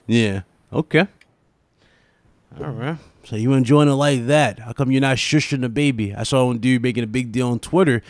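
A man's voice: mid-range voice, normal speed, no echo. A man hosting a casual gaming podcast, brash and profane, laughing often. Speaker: gaming channel host.

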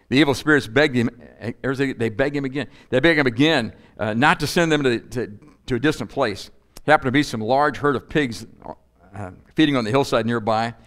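Male pastor, mid-pitched, animated delivery with rhetorical questions. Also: fairly quick. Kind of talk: sermon. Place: church.

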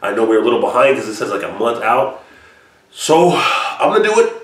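A man's voice: mid-range voice, sing-song, fairly quick. A man hosting a reaction channel, talking casually with a lot of swearing and rambling asides, alone in a room. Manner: profane, rambling, upbeat. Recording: roomy echo, mic at a distance.

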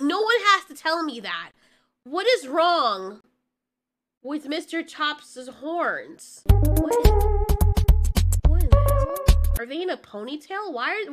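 Woman reviewer, high bright voice, swings all over, foul-mouthed exasperated rant. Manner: profane, exasperated ranting. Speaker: movie reaction commentator. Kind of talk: ranting film reaction commentary.

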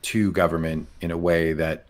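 A man's voice: deep voice, level tone, moderate pace. A man hosting a casual interview, eagerly jumping in and often restarting his phrases as he reacts. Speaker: podcast host.

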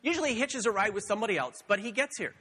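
A man preaching a sermon as pastor, playful and animated, acting out animal sounds in a storytelling way. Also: high voice, rapid-fire, husky, in a large hall. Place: church sanctuary.

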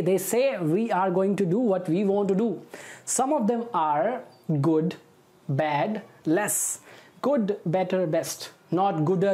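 Female English teacher, Indian English accent, lower mellow voice, patient explainer who keeps checking in with the viewer. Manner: explains patiently, repeats words, tags with okay and right. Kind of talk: online grammar lesson.

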